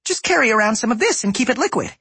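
A man voicing a naive, cheerful young goblin woman inventor in a high, earnest voice in an audiobook reading. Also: big pitch swings, rapid-fire, sharp tone, slightly rough, dry recording, full character voice. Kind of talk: audiobook character voice.

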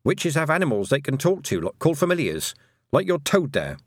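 A man's voice: fairly high pitch, sing-song, fairly quick, no room sound, studio quality, pitched above the performer's own voice. A man voicing a stubborn young farm girl in an audiobook, talking in an earnest, insistent, slightly defiant way. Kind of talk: audiobook character voice.

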